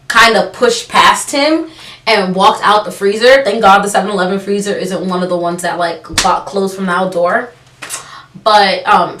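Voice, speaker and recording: A young woman telling a personal story on her vlog, sarcastic and animated, acting out the people she quotes. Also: medium pitch, noisy background. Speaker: vlogger. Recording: roomy, from a distance.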